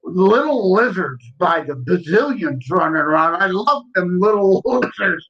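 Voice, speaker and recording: A man talking as a podcast guest in casual chat, folksy and quick to laugh. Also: high voice, lively intonation, muffled recording.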